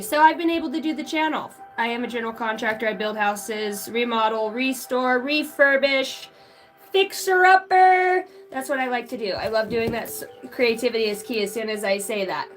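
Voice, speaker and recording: A woman with an American country accent hosts a casual psychic live stream, chatty and profane, greeting chat viewers by name. Her voice is a little high and fairly bright, at normal speed, with soft background music behind her.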